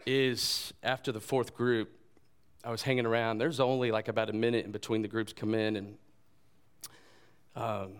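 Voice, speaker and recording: A man in his thirties or forties, a pastor giving a sermon in a conversational, animated storytelling way. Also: lowish voice, normal speed, pauses often, clean tone.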